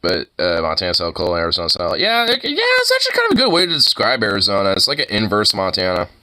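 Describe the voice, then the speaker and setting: A man's voice: lowish voice, huge pitch swings, racing, bright, forceful tone. A young man casually reacting to videos, rambling, laughing and swearing freely as he watches.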